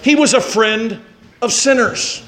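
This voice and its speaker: High-voiced impassioned preaching man. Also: a little slow, a bit bright, a little hiss or hum. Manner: rising to impassioned emphatic preaching. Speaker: pastor. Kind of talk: sermon. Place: church.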